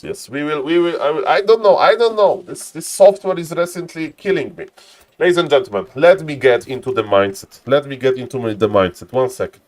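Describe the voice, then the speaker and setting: Excitable male stream caster. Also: a little high, fairly quick. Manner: excitable, laughs often, keeps addressing ladies and gentlemen. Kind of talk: live game-casting commentary.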